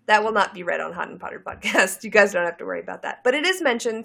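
A woman co-hosting a podcast in casual chat, talking slowly and laughing often. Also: medium pitch, lively intonation, creaky, bright, forceful tone. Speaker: podcast co-host.

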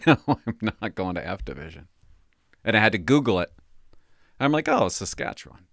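A man's voice: fairly low pitch, very animated, normal speed, long pauses, fairly bright tone, no room sound, studio quality. A man rambling through a casual story, often interrupting himself and laughing at his own tale. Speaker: former police cadet telling stories.

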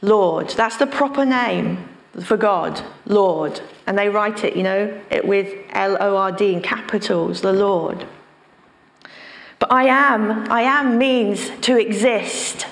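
A woman pastor delivering a sermon at an unhurried pace. She stresses her points by repeating key phrases. Her voice rings in a roomy, echoing space. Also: mid-range voice, vocal fry.

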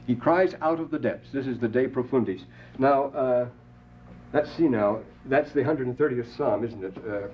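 An older man giving a classroom lecture, digressing with asides and rhetorical questions and quoting scripture with rising emphasis. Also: mid-range voice. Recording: dull lo-fi classroom tape with faint hiss.

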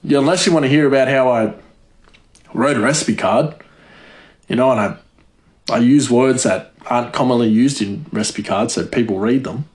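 A male vlogger chats casually with viewers in a mid-range voice at a moderate pace, pausing often. He rambles, giggles, and says "like" constantly, and the room sounds echoey.

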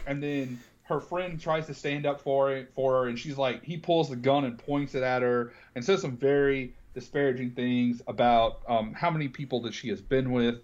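A man's voice: mid-range voice, brisk, hardly any pauses, darkish tone, dull audio. A man co-hosting a casual film podcast, retelling scenes and acting out lines. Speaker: podcast co-host.

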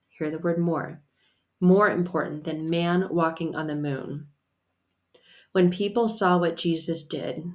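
A woman hosting a solo faith podcast, talking in a casual, emphatic and playful way with the odd curse word. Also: low-pitched. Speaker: podcast host and faith coach.

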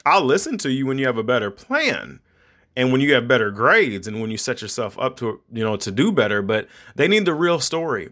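A man's voice: medium pitch, very animated, fairly quick, fairly bright tone. Rambling man hosting an advice podcast. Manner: rambling, conversational, preachy advice. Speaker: podcast host. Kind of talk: casual monologue podcast.

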